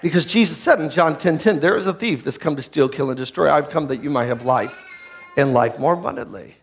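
A man preaching a sermon, swinging from quiet low lines to loud shouted ones and having the congregation repeat phrases after him. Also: fairly quick, gravelly. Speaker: pastor.

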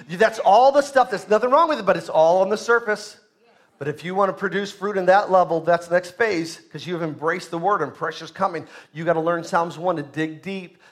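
Preaching a sermon in a high voice, a pastor alternates emphatically between loud bursts and soft asides, putting questions to the congregation.

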